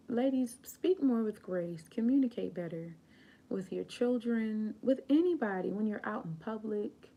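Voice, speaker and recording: An American woman hosting a live stream, speaking slowly and earnestly about grace and communication, quoting scripture and sometimes dropping to a soft whisper. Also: medium pitch, vocal fry. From United States. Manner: slow, earnest, preachy, quotes scripture. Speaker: channel host. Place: home, late at night.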